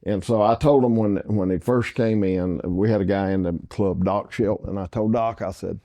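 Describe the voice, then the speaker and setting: An older man, hosting a casual chat and telling an animated story. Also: lowish voice, moderate pace. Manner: animated storyteller acting out other people's voices. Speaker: host.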